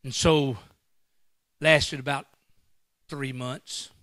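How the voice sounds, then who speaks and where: A man preaching a sermon as a guest pastor in a church, swinging into loud bursts and acting out quotes. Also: mid-range voice, fairly even intonation, extremely slow, dry recording, clean studio sound.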